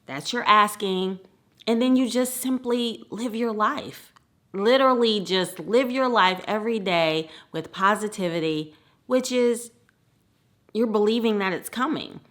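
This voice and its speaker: Woman from the Midwest, storyteller, bright and lively, laughs often. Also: mid-range voice, unhurried. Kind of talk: personal storytelling.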